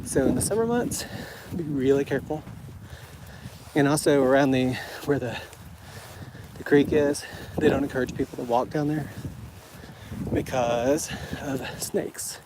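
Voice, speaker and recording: A man's voice: medium pitch, measured pace, long pauses. A man from Florida giving a chatty walking tour outdoors in the cold, out of breath from climbing a hill, with many fillers and restarts. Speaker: travel vlogger and guide. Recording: noisy outdoor camera audio.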